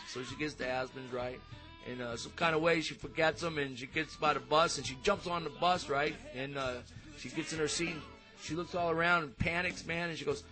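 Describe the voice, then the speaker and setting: Bright-voiced joking male host. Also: fairly high pitch, a little fast, faint music behind. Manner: rambling, joking, with many restarts. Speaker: show host. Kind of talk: casual chat.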